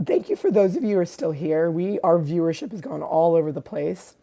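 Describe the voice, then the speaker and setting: A hoarse woman with a raspy voice, an artist chatting casually on a livestream and rambling with many fillers and restarts. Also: on the low side, lively intonation, a little fast, mellow. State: hoarse from screaming.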